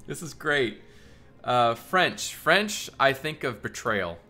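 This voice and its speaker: A man's voice: mid-range voice, expressive, slow pace, pushed and bright, faint music behind. A man streaming live and chatting casually with viewers, thinking aloud in a rambling way and laughing often.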